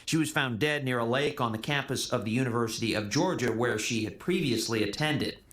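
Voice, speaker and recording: News guy reading a report, steady tone, echoey clip sound. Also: mid-range voice. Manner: measured, even newsreader delivery. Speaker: news narrator. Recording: roomy news clip audio.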